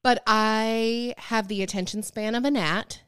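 A woman's voice: a little high, fairly even intonation, unhurried, fairly bright tone, clean tone, dry recording, clean studio sound. A woman co-hosting a casual chat podcast, chatty and giggly with lots of fillers. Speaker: podcast co-host.

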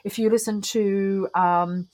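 A woman's voice: medium pitch, fairly even intonation, slow pace, a little mellow, rough recording. A woman, a podcast guest who explains things thoughtfully with frequent ums. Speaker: guest, ritualist and singer. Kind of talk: casual podcast conversation.

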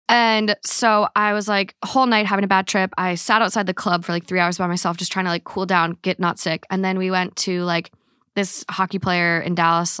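A woman's voice: mid-range voice, a bit bright, clean tone, no room sound, clean studio sound. Woman podcast host, candid and chatty, mid-range voice. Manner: chatty and candid, quick reactions. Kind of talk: casual podcast chat.

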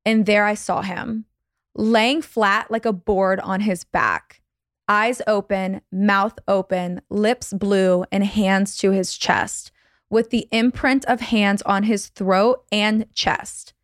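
A woman podcast guest with a mid-pitched, steady voice slowly and dramatically reads a listener's scary story in a measured, creepy delivery. It's casual storytelling over a video call, recorded on a dry, close video-call mic with no echo.

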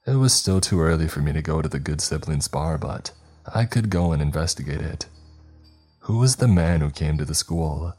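A man narrating a first-person horror story in a steady, scripted storytelling manner. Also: a bass voice, normal speed, breathy edge, soft background music.

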